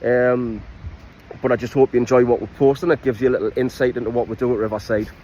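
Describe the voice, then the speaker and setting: Geordie man, mid-pitched, easygoing outdoors instructor, chatty and unpolished, phone-recorded. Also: fast talker, dull audio, a little hiss or hum. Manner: relaxed, with frequent ums and restarts. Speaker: falconry and bushcraft instructor. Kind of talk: casual vlog introduction. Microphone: iPhone.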